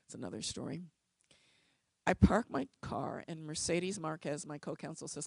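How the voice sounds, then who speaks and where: A woman who is a civil rights lawyer, giving a speech to an audience with wry, animated storytelling. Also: deep voice, normal speed, gravelly, slightly rough, no room sound.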